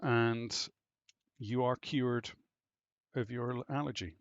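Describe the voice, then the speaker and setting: A man's voice: medium pitch, steady tone, takes it slowly, dry recording. A man hosting a podcast, telling a long story in a casual, rambling way and swearing freely. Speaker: podcast host. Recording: dull lo-fi voice recording.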